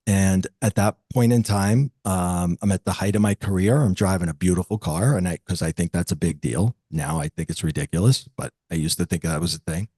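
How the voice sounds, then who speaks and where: A metaphysical teacher in his fifties recounts a personal story as an interview guest. His deep voice sounds reflective, turning lively whenever he quotes someone else, and the recording has no room sound.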